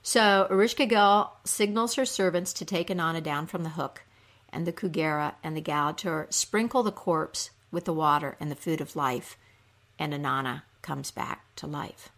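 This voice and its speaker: A woman's voice: low-pitched, fairly bright tone. A woman retelling a myth in a casual, conversational storytelling style. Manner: unhurried, conversational.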